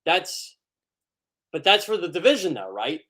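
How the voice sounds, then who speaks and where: A male sports writer appearing as a radio guest, talking in a chatty, opinionated way with quick asides to the host. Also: fairly high pitch, big pitch swings, pushed and bright.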